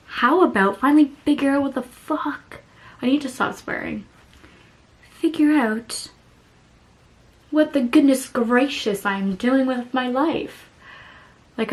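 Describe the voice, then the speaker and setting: A thirty-year-old woman chatting candidly in a casual vlog, swearing now and then. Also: fairly high pitch. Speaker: vlogger.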